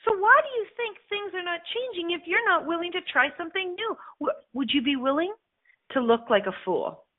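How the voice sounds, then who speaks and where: A woman's voice: extremely high pitch, fairly quick. Woman radio host and life coach, brash, salty motivational talk, thin lo-fi phone-line sound. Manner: blunt, swears, animated with laughs. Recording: phone-like narrow band audio.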